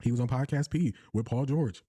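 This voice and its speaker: With a husky mid-range voice at a fairly quick pace, this American man runs a casual sports commentary show. He animatedly performs the quotes he analyzes and addresses his viewers directly.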